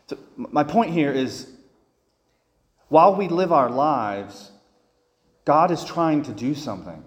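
Male priest, mid-pitched, loose homily delivery with stumbles, long church reverb. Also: measured pace, long pauses, slight background noise. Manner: conversational, many restarts and fillers. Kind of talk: homily with personal stories.

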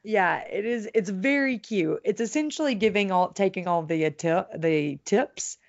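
A woman's voice: medium pitch, animated, normal speed, highs cut off. A woman co-hosting a podcast, chatting casually with lots of fillers and giggles. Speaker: podcast co-host. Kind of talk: casual chat.

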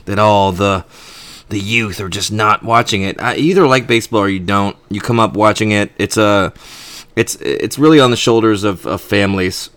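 Low-voiced man, rambling podcast chat. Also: moderate pace, a bit bright, no room sound. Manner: rambling, restarts often, opinionated. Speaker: podcast co-host. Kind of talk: casual chat.

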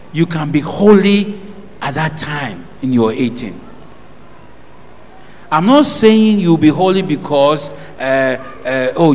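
A man's voice: on the high side, long reverb tail, a little hiss or hum. A man with a Ghanaian accent preaching a sermon, throwing questions out to the congregation for them to answer. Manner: call-and-response preaching, asking the congregation questions.

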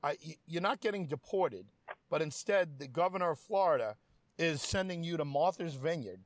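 A man's voice: on the high side, lively intonation, normal speed, no echo. A man hosting a political chat who thinks aloud and reads out headlines as he goes. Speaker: host.

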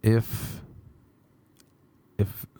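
A man's voice: drawn-out words, dark tone. Sardonic Irish man doing stand-up. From Ireland. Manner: rambling, sardonic observational storytelling. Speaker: stand-up comedian. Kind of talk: stand-up comedy routine.

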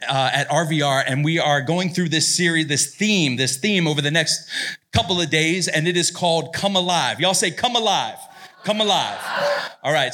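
A man in his late thirties, a pastor giving a playful, loud, joking talk to a youth retreat crowd. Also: a little high. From Italian-American. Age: 30s. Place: retreat hall before a live audience.

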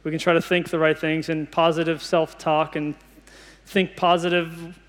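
A man's voice: on the high side, little pitch movement, normal speed, fairly bright tone, long reverb tail. A man in his thirties preaching a sermon, earnest and conversational, often restarting his sentences.

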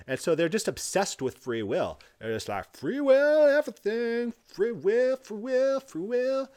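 A man giving sarcastic rebuttal commentary with mocking, mock-exasperated outbursts. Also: medium pitch.

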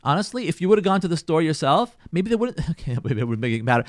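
A man's voice: a little high, fast, hardly any pauses, dry recording, clean studio sound. A middle-aged man, a rabbi teaching a Torah class on marriage, acting out everyday scenarios and repeating phrases for emphasis. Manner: animated, acts out everyday scenarios.

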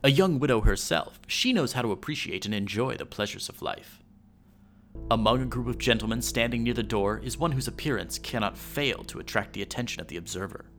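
A man hosting a podcast, reading an old newspaper story aloud in a measured storytelling way. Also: mid-range voice, expressive, vocal fry, fairly bright tone.

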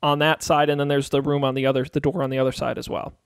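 A man's voice: mid-range voice, little pitch movement, fast, creaky, smooth, no room sound. A man narrating a tabletop game as game master, playful and teasing with his players.

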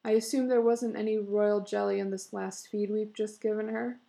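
A woman reading the part of an anxious, sharp-tongued young mother who talks in a tense, scolding way. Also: medium pitch, little pitch movement, moderate pace, creaky, lightly acted. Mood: angry.

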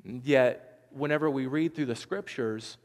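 A man preaching a sermon in an earnest way, often restarting and dropping to a hushed voice. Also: mid-range voice, a little slow, in a large hall. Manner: earnest, with many restarts and sudden hushed drops. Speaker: pastor.

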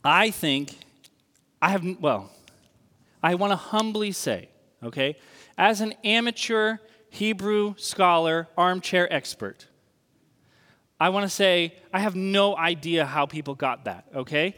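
A man delivering a sermon in a long-echoing hall. His voice sits high and sounds bright and forward. He talks conversationally, often pausing to ask the room "okay?". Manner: conversational, checks in with the audience with frequent "okay?". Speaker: pastor. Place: church hall with an audience. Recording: reverberant hall.

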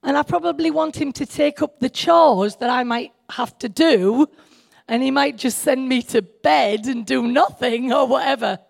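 A woman delivers a relaxed, talkative sermon at a church meeting in a high voice with vocal fry, at normal speed. She jokes with her audience, teases herself, and speaks to them directly.

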